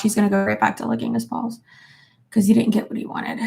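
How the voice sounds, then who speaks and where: A woman's voice: on the high side, little pitch movement, quick pace, vocal fry, a little mellow, roomy sound. A woman vlogger chatting at home, talking to and playfully scolding her dog in a doting, exasperated way. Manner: playful baby-talk scolding of a pet. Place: apartment room.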